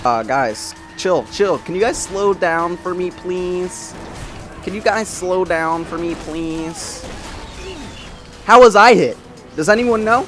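Gaming commentator, male, slightly high voice, animated delivery, profane and exasperated, game music underneath. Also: slow pace. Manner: profane, exasperated trash-talk at rivals. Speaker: gameplay commentator. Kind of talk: let's-play commentary.

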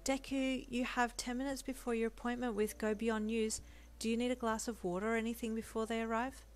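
A woman's voice: fairly high pitch, flat delivery, a little fast, pitched above the performer's own voice, natural voice. A woman voicing a cheerful, eager-to-please young female assistant in a storybook reading. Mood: cheery. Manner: bright and cheerful.

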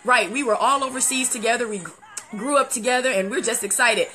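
A woman hosting her own live-streamed talk show, her voice high and bright. She greets her viewers warmly by name and breaks into loud, high-pitched exclamations of delight. Between greetings she settles into a steadier talk. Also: brisk, soft background music.

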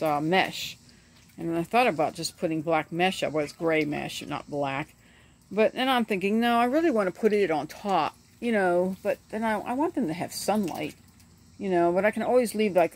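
A middle-aged woman chatting in a rambling, casual way while filming her ducklings outdoors on a handheld phone, often laughing as she talks. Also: fairly low pitch. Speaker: homesteader vlogger. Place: outdoors in a yard by animal pens. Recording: faint outdoor noise with birds. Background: ducklings chirping and outdoor ambience.

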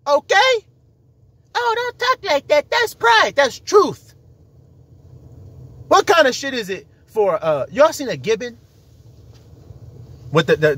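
Husky, high-voiced profane preacher man. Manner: profane, animated, laughs and acts out quotes; cites scripture in slangy street talk. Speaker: self-styled preacher. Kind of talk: casual preaching monologue.

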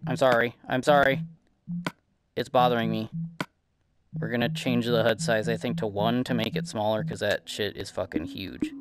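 A man's voice: mid-range voice, fairly even intonation, normal speed. A man with a Midwestern accent rambling and swearing casually while commentating his own gameplay. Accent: Midwestern American. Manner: rambling, profane, self-deprecating. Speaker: gaming channel host.

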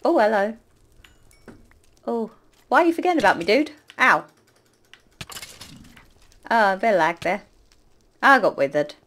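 A woman casually commentating her own gameplay, chatting to the game's creatures and breaking into loud panicked apologies. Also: medium pitch, very animated, unhurried, pauses often. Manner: chatty, talks to the game mobs, panics loudly with repeated exclamations. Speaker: gaming YouTuber.

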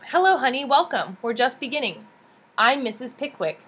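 A petite shorthand teacher with a warm, no-nonsense voice, as a woman reads her lines. She welcomes kindly but allows no nonsense in her class. An audiobook figure. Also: high voice, sing-song, normal speed, breathy edge, voice pushed up, exaggerated voice. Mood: welcoming. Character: kind but firm female shorthand teacher.

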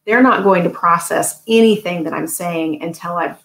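Calm woman explaining in an echoey room. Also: lowish voice, moderate pace. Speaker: parent educator guest. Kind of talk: casual interview answers.

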